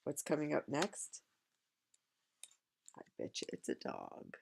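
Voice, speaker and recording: A woman's voice: low voice, huge pitch swings, slow pace, vocal fry, darkish tone, a little hiss or hum. A woman reading a picture book aloud to a child, chatting about the pictures as she goes.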